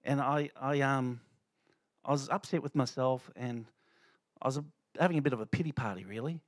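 A man's voice: mid-range voice, normal speed, no room sound. A middle-aged man giving an informal church testimony, talking loosely with many fillers and restarts. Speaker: lay speaker sharing a testimony.

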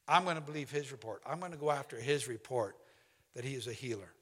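A man preaching a sermon as pastor, impassioned and emphatic, often dropping to a hushed, quiet delivery. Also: medium pitch, fast. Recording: long hall reverb.

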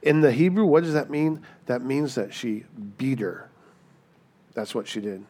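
Unhurried and mid-range in voice, a male pastor preaches conversationally and with energy, voicing the people he quotes and often asking "right?"

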